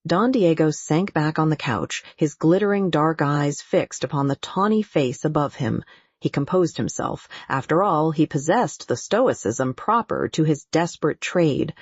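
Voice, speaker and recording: Brief: classic-novel audiobook narrator, steady formal read, dull close dry recording. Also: medium pitch, measured pace, breathy edge, no echo. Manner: even, formal storytelling. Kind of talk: scripted narration.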